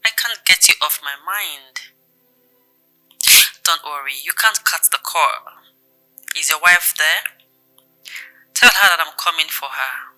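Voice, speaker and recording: A woman's voice: low-pitched, slow pace, pauses often, bright, forceful tone, soft background music, heavily acted, poor audio. An actress with a Nigerian accent voicing a possessive, menacing female spirit who speaks to her lover over the phone. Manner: seductive, menacing. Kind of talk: Nollywood film drama.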